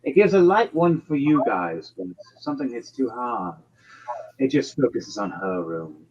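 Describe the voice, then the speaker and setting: A man's voice: medium pitch, sing-song, moderate pace, darkish tone, slight background noise, natural voice. A man voicing a blunt, bossy old witch grandmother in a tabletop game, with lo-fi stream audio. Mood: proud. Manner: brusque, bossy and crude.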